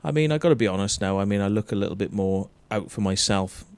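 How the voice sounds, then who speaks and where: Welsh male host, blunt, foul-mouthed, animated ranter; dry mic. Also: fairly low pitch, quick pace, clean tone, dry recording. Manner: blunt, heavy swearing, animated ranting. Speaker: show host. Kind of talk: casual livestream chat.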